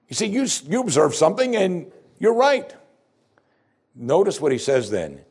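A man's voice: on the high side, very animated, moderate pace, darkish tone, slightly rough. A man preaching a sermon, reading scripture aloud and explaining it with rising and falling emphasis. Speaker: pastor.

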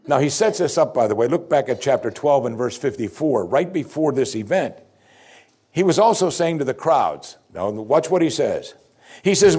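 A man's voice: fairly high pitch, very animated, moderate pace, darkish tone, breathy edge. A man preaching a sermon, reading scripture aloud and explaining it with rising and falling emphasis. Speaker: pastor.

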